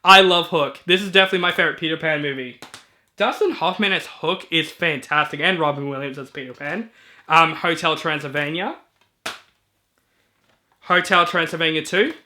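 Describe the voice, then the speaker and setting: Bright, high-voiced enthusiastic man. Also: a little hiss or hum. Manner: chatty and enthusiastic, with filler ums and quick asides. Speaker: movie reviewer. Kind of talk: casual collection walkthrough.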